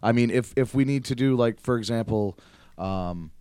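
A man's voice: mid-range voice, normal speed, warm tone, smooth, no room sound, studio quality. A man talking as a guest musician in a casual interview. He speaks earnestly and eagerly, often restarting his sentences. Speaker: musician guest, band member.

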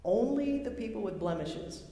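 A woman's voice: medium pitch, lively intonation, normal speed, warm tone. A woman preaching a sermon, emphatic and repeating phrases for effect. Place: large worship hall. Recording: echoey hall with long reverb.

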